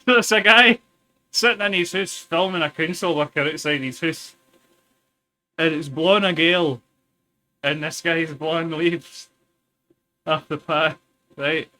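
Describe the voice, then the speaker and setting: A man's voice: on the high side, measured pace, pauses often, sharp tone. A Scottish man telling rambling stories in casual stream chat. He swears a lot and tinkers with something as he talks. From Scotland. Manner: sweary, chatty, tells stories while tinkering. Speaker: livestreamer.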